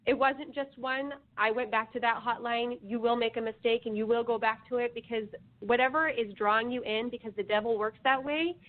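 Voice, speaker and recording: A woman's voice: on the high side, fairly even intonation. Woman telling her story over a phone line. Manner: slow, measured storytelling with pauses. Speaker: guest. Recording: phone line with faint hiss.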